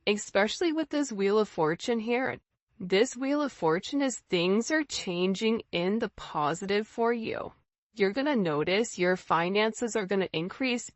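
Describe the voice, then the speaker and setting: Woman tarot reader, chatty and intuitive, middle pitch, slightly muffled recording. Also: dry recording. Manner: intuitive, repetitive, casual phrasing. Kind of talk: tarot reading monologue.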